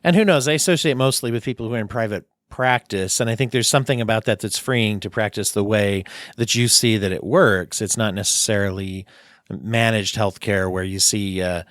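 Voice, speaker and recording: A man hosting a podcast interview, talking in a chatty, halting way with many restarts and laughs. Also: on the low side, a bit bright, no room sound, studio quality. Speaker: podcast host. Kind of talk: casual interview chat.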